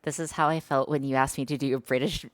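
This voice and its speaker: A woman's voice: a bass voice, fairly even intonation, fast talker, no echo. A woman streamer chatting casually with her viewers, hesitant and self-conscious, with many fillers. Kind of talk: casual live-stream chat.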